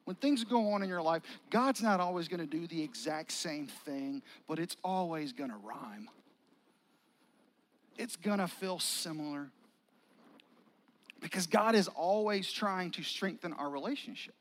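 A male pastor telling a story to his congregation in a loose, conversational sermon. His voice sits high for a man, and he stays animated, bringing in jokes and acting out the lines of the people in the story. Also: measured pace, low-quality recording.

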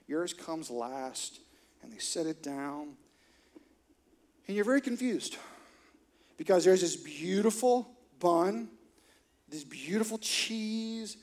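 Animated joking pastor. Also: male voice, sits high. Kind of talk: sermon with storytelling. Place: church auditorium.

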